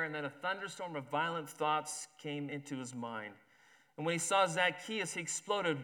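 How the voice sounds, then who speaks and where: Speaking in a fairly high, bright, forceful voice at a measured pace, this pastor moves from his sermon into reading a story. He gives each character their own voice as he acts out their lines.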